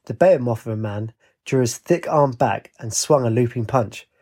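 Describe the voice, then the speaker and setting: Man, storybook narrator, husky, middle pitch, lively reading. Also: moderate pace. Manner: lively, puts on voices for dialogue. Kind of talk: audiobook reading with character voices.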